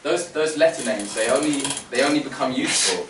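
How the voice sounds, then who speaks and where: A man's voice: mid-range voice, lively intonation, brisk. Man explaining phonics in a roomy space. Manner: explanatory, sounds out letters and gestures. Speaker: phonics teacher presenting to other teachers. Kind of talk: teacher training presentation. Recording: roomy, distant mic, faint room noise.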